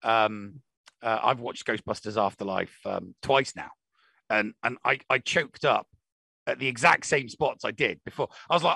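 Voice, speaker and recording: A man's voice: mid-range voice, moderate pace, gravelly, pushed and bright, breathy edge, no room sound. A man co-hosting a casual podcast chat, stammering through many false starts and repeated words. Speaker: podcast co-host.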